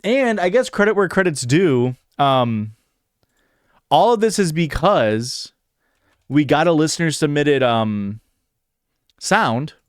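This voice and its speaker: A man's voice: fairly high pitch, lively intonation, slow pace, pauses often, smooth, no echo, clean studio sound. Rambling man hosting a casual livestream. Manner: rambling, hesitant, with many "like" and "um" fillers. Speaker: podcast host.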